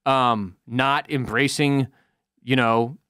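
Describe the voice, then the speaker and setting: A man's voice: mid-range voice, fairly even intonation, slow, sharp tone, clean tone, no echo, studio quality. A man co-hosting a podcast, recapping a TV episode in loose, profane casual chat and acting out lines from the show. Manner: loose, profane, acts out quotes in voices. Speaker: podcast co-host.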